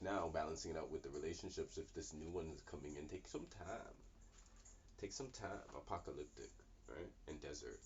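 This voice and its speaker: A man doing a casual spiritual card reading. He talks in a rambling, animated way and keeps asking "right?". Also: deep voice, dull audio, a little hiss or hum. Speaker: tarot card reader.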